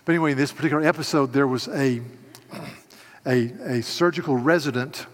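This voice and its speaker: An older man preaching a sermon, stumbling over restarts as he tells a story quietly, then rising to loud, emphatic proclamation. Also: medium pitch, normal speed, in a large hall. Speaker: pastor.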